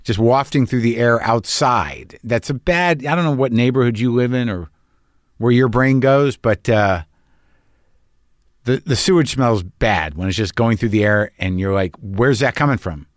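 A man's voice: mid-range voice, normal speed, no echo, studio quality. A middle-aged man hosting a show, talking in a rambling comic monologue that is profane, wry and darkly joking. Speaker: podcast host.

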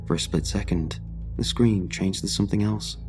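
Deep, dark-voiced horror narrator. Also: male voice, faint music behind. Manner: measured, dramatic storytelling. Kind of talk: scripted horror story narration.

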